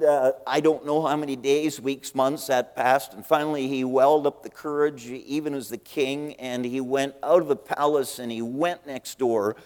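A man preaching a sermon, telling a story in a folksy, animated way and acting out the scenes. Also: mid-range voice. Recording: long reverb in a big hall.

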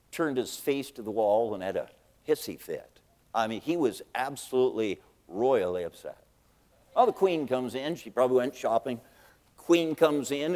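A man preaching a sermon, telling a story in a folksy, animated way and acting out the scenes. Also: mid-range voice. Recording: long reverb in a big hall.

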